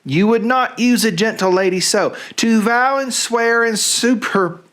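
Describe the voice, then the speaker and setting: A man's voice: very high-pitched, unhurried, a bit bright, voice pushed up. A man reading the part of an indignant young woman in a Southern accent. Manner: reads Shakespeare verse in a put-on drawl. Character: wronged young woman Helena, hurt and indignant. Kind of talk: comic dramatic reading.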